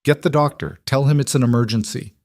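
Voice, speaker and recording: A steady frontier healer woman, read by a man gives firm, commanding directions. Her voice stays controlled and direct. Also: medium pitch, a little fast, no room sound, voice pushed up, close to an everyday voice. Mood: urgent.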